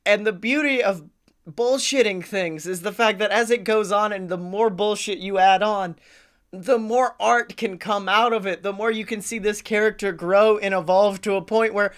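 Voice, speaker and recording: A man co-hosting a comedy podcast, loud and laughing, riffing and slipping into silly voices. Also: high voice, fairly even intonation, normal speed. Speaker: podcast co-host. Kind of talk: improvised comedy banter.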